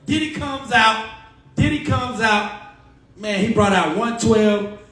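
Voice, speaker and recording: Male radio guest, animated storyteller, off-mic in a roomy space. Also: high voice, takes it slowly. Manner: lively slang-heavy storytelling. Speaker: radio personality, podcast guest. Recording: echoey room, distant mic.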